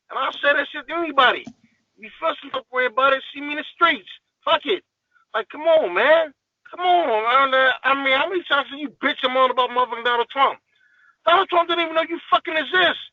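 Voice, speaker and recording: A man's voice: very high voice, brisk, no room sound, dull audio. A man guest on a podcast, ranting in a heated, profane, emphatic way in casual talk.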